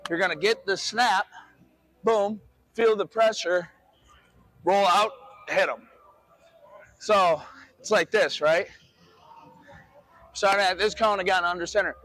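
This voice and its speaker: A man's voice: high-pitched, slow, pauses often, pushed and bright. A man coaching a quarterback through drills on an outdoor field, giving direct, encouraging instructions. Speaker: football coach.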